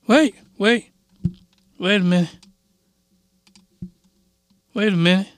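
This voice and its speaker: A man's voice: high voice, takes it slowly, pauses often, no echo. A man hosting a casual joking review vlog, rambling and cutting himself off, speaking in a put-on fake accent as a mock persona. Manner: rambling, self-interrupting, playing a mock persona. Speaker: video reviewer.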